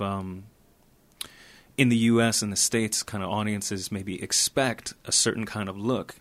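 A man from Atlanta with a lowish voice, hosting an interview. He works his way into his questions slowly, stumbling over and repeating words as he thinks. The tone stays thoughtful throughout. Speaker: interviewer host.

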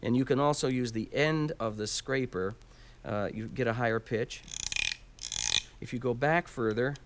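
In this instructional demonstration, a man speaking at medium pitch and a moderate pace explains Latin percussion instruments one step at a time. He counts beats out loud, and heavy background noise fills the recording.

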